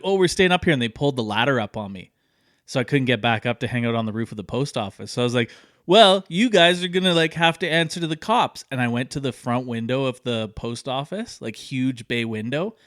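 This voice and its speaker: A man in his thirties is co-hosting a casual podcast, telling a long, rambling story full of "like" and "um." His voice sits at a medium pitch. The sound is close and dry, with no room echo. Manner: rambling, many fillers, animated when telling stories. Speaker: podcast co-host.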